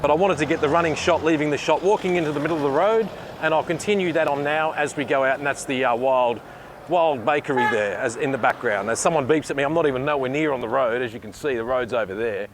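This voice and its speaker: With a fairly high pitch and barely a pause, the Australian vlog host chatters quickly against a noisy background. Holding his own camera, he wanders cheerfully from a bakery indoors to a city street outdoors, thanking people constantly.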